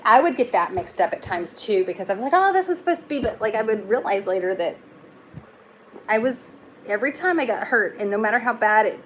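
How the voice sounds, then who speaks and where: A young woman talks through a tarot reading in a loose, chatty way, full of fillers and gentle reassurance. Her voice sits a little on the high side. A faint background hiss runs under her. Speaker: tarot reader. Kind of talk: casual live tarot reading.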